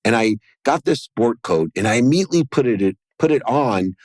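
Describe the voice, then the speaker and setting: A man's voice: medium pitch, expressive, normal speed, darkish tone, dry recording. A man as a podcast guest, telling a personal story in an earnest way and acting out the dialogue within it. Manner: earnest, acts out quoted dialogue in his story.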